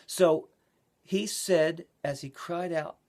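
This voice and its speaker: A male pastor telling near-death testimonies in a sermon, swinging from quiet asides to loud, excited retelling. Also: fairly high pitch, slow pace. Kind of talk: sermon storytelling.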